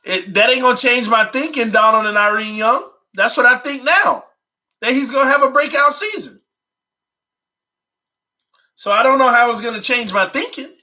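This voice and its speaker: A man hosting a sports fan channel, chatting casually and excitedly with his viewers and reading their comments aloud. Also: extremely high pitch, moderate pace, long pauses, low-quality recording. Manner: excited, informal, talks to viewers as y'all. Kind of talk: casual vlog chat reading live comments.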